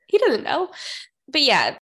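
Young woman podcaster, bit high pitched, snarky chatty vibe, laughs a lot. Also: wildly swooping pitch, slow, pushed and bright. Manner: chatty, laughing, trails off mid-sentence. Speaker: podcast co-host. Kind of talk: casual snarky chat.

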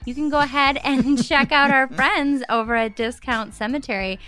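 A woman with a somewhat high voice co-hosts a podcast, playful and giggly with a laid-back, low-energy delivery. She jokes through the sponsor reads. Soft music sits faintly in the background. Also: steady tone, moderate pace, smooth. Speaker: podcast co-host. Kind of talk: casual podcast chat with ad reads.

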